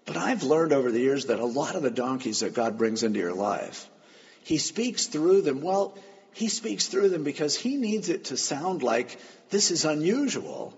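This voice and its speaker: Gravelly, lively male pastor preaching. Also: on the high side, normal speed. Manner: storytelling, shifting between quiet asides and loud emphatic lines. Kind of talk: sermon. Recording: long hall reverb, dull lo-fi sound.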